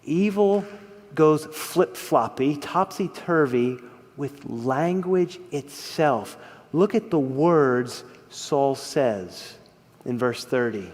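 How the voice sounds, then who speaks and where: A man preaching a sermon, expressive, swinging between loud emphasis and hushed asides. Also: mid-range voice, slow pace, big-room sound. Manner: expressive, rises and drops in volume for emphasis. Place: church hall.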